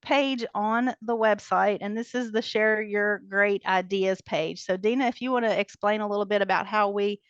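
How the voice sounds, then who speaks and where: A woman walks a group of coordinators through a training website on a video call, talking quickly in a chatty way with lots of ums. Her voice comes through a computer mic, dry and a bit dull, like lo-fi call audio. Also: mid-range voice, steady tone, clean tone, dry recording. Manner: brisk, chatty, many ums, light laughs. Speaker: training coordinator presenting a webinar. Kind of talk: casual walkthrough of a website.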